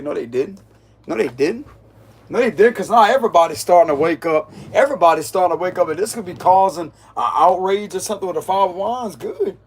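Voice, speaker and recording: High-voiced man giving a slangy tarot reading. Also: slightly rough. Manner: slangy, laughs often, mocking. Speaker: tarot reader. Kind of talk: casual tarot reading monologue.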